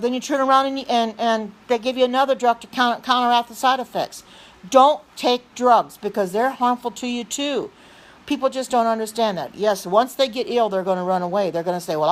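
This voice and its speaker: A woman hosting a livestream, talking insistently and earnestly, often repeating herself, restarting sentences and clearing her throat. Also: medium pitch. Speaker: livestream host reading chat. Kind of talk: earnest preaching livestream chat.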